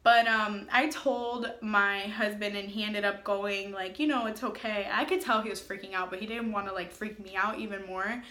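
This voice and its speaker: Young woman doing a storytime vlog, bright voice, says like a ton, roomy echo. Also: medium pitch, level tone, moderate pace, hardly any pauses. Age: young adult. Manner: chatty, filler-heavy, lots of "like". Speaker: family vlogger.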